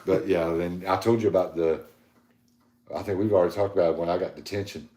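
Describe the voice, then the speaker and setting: Middle-aged man, low voice, casual profane storyteller, echoey room. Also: steady tone, fairly quick, dark tone. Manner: rambling, profane, retells dialogue with many "I said". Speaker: podcast co-host.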